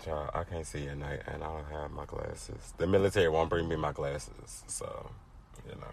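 A man's voice: a bass voice, fairly even intonation, creaky, slight background noise. A man from Tennessee co-hosting a podcast, bantering casually with a dramatic, profane, laughing manner. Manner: dramatic, cursing, quick to laugh. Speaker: podcast co-host.

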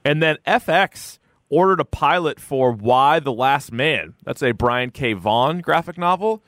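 A man's voice: mid-range voice, animated, a little slow, fairly bright tone, no echo, studio quality. Blunt, opinionated man co-hosting. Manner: blunt, opinionated, swears casually. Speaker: podcast co-host. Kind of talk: casual chat.

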